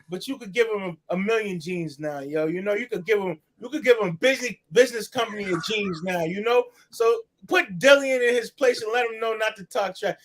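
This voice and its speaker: An American man co-hosting a boxing talk show in casual chat, animated and fired up, full of slang. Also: high-pitched, a little fast, few pauses.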